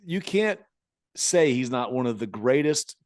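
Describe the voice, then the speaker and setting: A man co-hosting a podcast, telling stories in casual chat, animated with many restarts. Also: mid-range voice, unhurried, a little hiss or hum. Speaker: podcast co-host.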